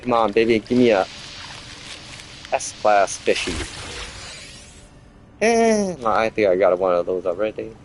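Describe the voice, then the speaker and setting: Laid-back male streamer, low-pitched, rambling chat to his viewers. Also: a little slow, long pauses, a little hiss or hum. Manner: relaxed, rambling, chats with viewers while playing. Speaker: game streamer. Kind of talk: casual gameplay commentary.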